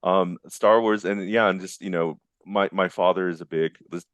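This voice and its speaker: Steady in tone and speaking at normal speed, a low-voiced man in his forties is interviewed casually, captured on a dry recording. The visual effects artist is enthusiastic and rambling, frequently restarting his sentences.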